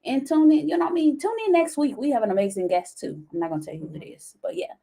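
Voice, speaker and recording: A woman's voice: high-pitched, fast, gravelly, warm tone. A woman hosting a podcast interview, affirming her guest and talking to viewers in casual chat. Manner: affirming, fillers and restarts. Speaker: podcast host.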